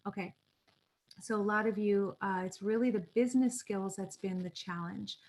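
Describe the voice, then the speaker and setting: A woman hosting a live online coaching masterclass on a video call, encouraging and quick to laugh. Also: medium pitch, steady tone, a little mellow, poor audio. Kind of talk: live webinar presentation.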